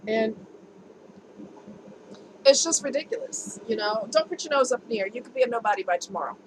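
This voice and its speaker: A woman's voice: on the high side, lively intonation, brisk. A woman vlogging casually to camera, talking candidly and laughing easily as she shares her experiences. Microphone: camera mic. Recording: home video with noticeable background noise.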